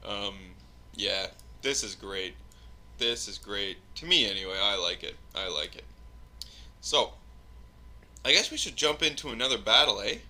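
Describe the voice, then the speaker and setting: Bright-voiced man rambling over gameplay. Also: on the low side, animated, unhurried, long pauses. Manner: rambling, chuckles often, many fillers. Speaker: gameplay commentator. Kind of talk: casual live gameplay commentary.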